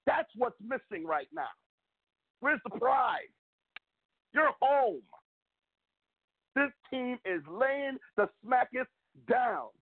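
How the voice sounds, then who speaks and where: A man co-hosting a sports talk podcast from the US, ranting with a rising, fired-up pitch. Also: animated, takes it slowly, long pauses, no echo. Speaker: podcast co-host. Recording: tinny phone-like call line.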